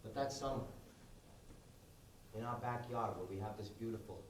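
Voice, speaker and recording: A man doing a soft-spoken elderly husband. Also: lowish voice, moderate pace, pitched below the performer's own voice, close to an everyday voice. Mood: tender, wistful. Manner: soft, quiet, wistful storytelling. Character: gentle elderly man fondly recalling his wife. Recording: echoey live room, distant mic, noisy.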